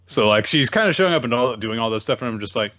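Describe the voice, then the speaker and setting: A man's voice: medium pitch, animated, very fast, fairly bright tone, muffled recording. A young man co-hosting a casual comics recap in a laid-back, wry way. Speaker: podcast co-host.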